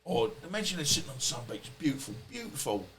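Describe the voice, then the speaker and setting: A man's voice: mid-range voice, sing-song, fast, a bit bright, a little hiss or hum. Rambling man telling stories. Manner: rambling, swearing, colloquial storytelling. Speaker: podcast guest. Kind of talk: casual storytelling interview.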